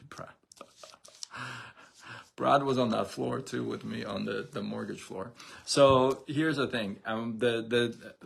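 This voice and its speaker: A man's voice: lowish voice, gravelly, husky. A middle-aged man hosting a casual motivational live stream, talking animatedly with restarts and speaking to viewers in the chat.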